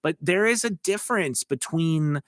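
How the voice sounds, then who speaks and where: A man's voice: fairly high pitch, lively intonation, unhurried, no room sound, studio quality. A man with a slight Southern US drawl, hosting a casual livestream as a voice-over coach, talking in a rambling, chatty way full of fillers and asides. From United States.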